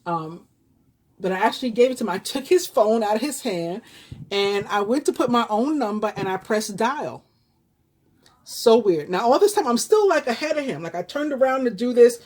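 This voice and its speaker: A woman's voice: fairly high pitch, lively intonation, moderate pace, darkish tone. A woman in her fifties from New York with a New York accent, a tarot reader telling a personal story to her viewers in a chatty, rambling way full of fillers and restarts. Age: 50s.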